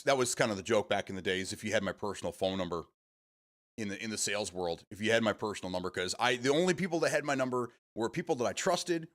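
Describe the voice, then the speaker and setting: A man's voice: mid-range voice, fairly bright tone. A middle-aged man, hosting a casual live stream, rambling and chatty with self-amused laughs. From Michigan, USA. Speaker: streamer host.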